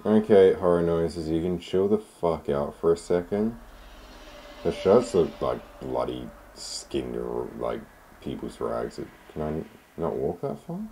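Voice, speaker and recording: Deep, dark-voiced male let's-player, sarcastic and profane. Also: unhurried, creaky, a little hiss or hum. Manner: sarcastic, swears often. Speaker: gamer. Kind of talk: casual gaming commentary.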